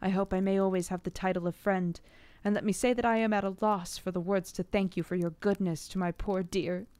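A woman's voice: medium pitch, fairly even intonation, fairly quick, mellow, clear, resonant tone, no echo, close to an everyday voice. A woman voicing a grief-stricken young nobleman, earnest and pleading, in a read-aloud storybook. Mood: grateful.

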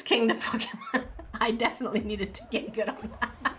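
A woman streaming a game live with her viewers, excitable and giggly, full of exclamations. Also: a little high, normal speed. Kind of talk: casual live gaming commentary.

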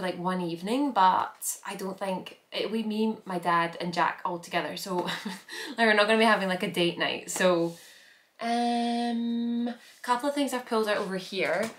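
A woman's voice: medium pitch, fairly even intonation, normal speed, fairly bright tone, echoey room. A young Scottish woman chatting casually through a packing vlog, rambling with lots of filler words. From Scotland. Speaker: vlogger.

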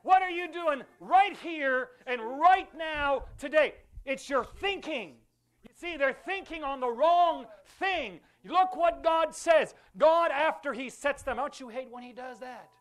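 A pastor's very high-pitched, slightly bright voice carries through the sanctuary at a little-slow pace. He preaches with fervour, leading the congregation to echo his words back in call-and-response.

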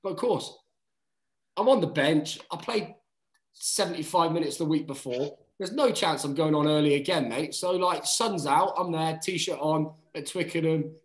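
A man in his thirties, a guest on a podcast, telling stories in animated casual chat. He swears freely and keeps saying "mate.". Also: on the high side. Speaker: guest, rugby player. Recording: roomy echo.

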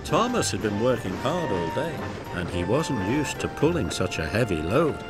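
A man narrating a children's story in a gentle, expressive way. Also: mid-range voice, moderate pace, few pauses, over loud music.

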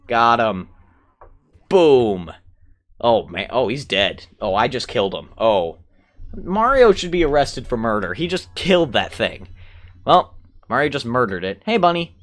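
A man's voice: medium pitch, unhurried. A young man casually commentating his own video game playthrough, chatting to the characters and humming along. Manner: excitable, talks to the game characters, hums along, mild cursing. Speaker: gameplay commentator. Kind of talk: casual let's-play commentary. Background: game music.

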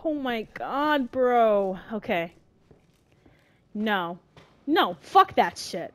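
Brief: young woman streamer, slightly high voice, slow drawn-out delivery, swears a lot, panics loudly. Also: expressive. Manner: swearing, dramatic, easily scared. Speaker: let's play gamer. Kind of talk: horror game commentary.

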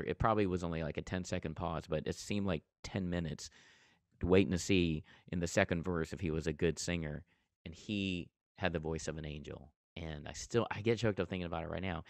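Deep-voiced man telling a story. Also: vocal fry, dry recording. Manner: earnest storytelling with frequent restarts. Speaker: interview guest, comedian and TV host. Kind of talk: casual interview talk.

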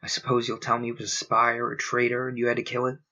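A man's voice: medium pitch, completely flat delivery, fast talker, pushed and bright, lo-fi sound. A man reading aloud, voicing a young man grieving his father, who speaks in raw outbursts. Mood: furious.

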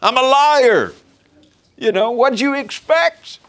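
A man's voice: very high voice, animated, takes it slowly, a bit bright, pitched above the performer's own voice, heavily acted. A man voicing a boastful, mocking male devil who brags about his lies. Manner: taunting, unrepentant. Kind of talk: sermon illustration.

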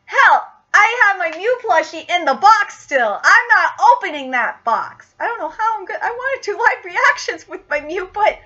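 A young woman with a very high, bright voice reacts to manga on a live vlog. She gushes and swears freely in an excitable rush, and the recording sounds dull and lo-fi. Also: normal speed, few pauses.

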